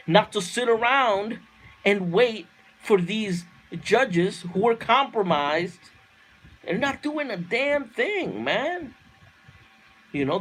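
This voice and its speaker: A man with a high voice rants fiercely on a livestream, swearing freely and circling back on his points. He keeps pushing into loud outbursts. A faint hiss sits under his voice. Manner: fiery, profane, repeats himself, laughs at own lines. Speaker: livestream host reading viewer comments. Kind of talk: heated political rant on a livestream.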